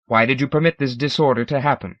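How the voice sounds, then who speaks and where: A huge male alien elder who speaks with grave, formal reproach, as a male audiobook narrator voices him. The delivery is measured and severe. The recording is dry and a little dull. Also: mid-range voice, a bit bright, no echo, natural voice. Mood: stern.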